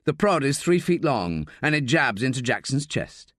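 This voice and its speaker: A man's voice: medium pitch, very animated, moderate pace, no echo, studio quality. A man narrating a tense thriller audiobook in a dramatic reading style. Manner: dramatic, voices shouted dialogue.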